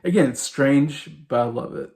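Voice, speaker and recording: Gushing about a film he loves, this man in his forties vlogs a loose, casual review, wandering back to points and peppering it with fillers like "uh" and "you know." He speaks at a moderate pace in an ordinary middle pitch with a darkish tone.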